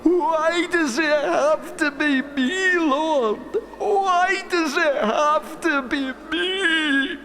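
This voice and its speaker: A man's voice: extremely high pitch, very slow, hardly any pauses, sharp tone, voice pushed up, exaggerated voice. Man putting on a wailing, reluctant old politician. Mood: pleading. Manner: wailing, self-pitying lament. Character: weary, reluctant balding older male politician. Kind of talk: comedic impression.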